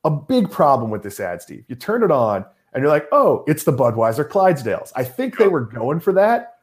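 A man's voice: on the high side, sing-song, a little fast. A middle-aged man from Massachusetts hosting a casual chat, joking and opinionated. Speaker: podcast host.

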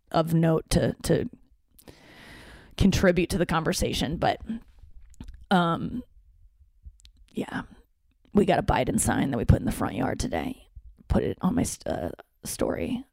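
Low, creaky, and darkish in tone, a woman's voice carries her own podcast, recorded with no room sound. She rambles casually and candidly, swears a lot, and keeps restarting her sentences.

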